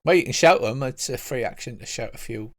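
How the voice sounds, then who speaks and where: A man running a tabletop game as game master, narrating the action and rulings in a relaxed, chatty way full of fillers. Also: medium pitch, brisk.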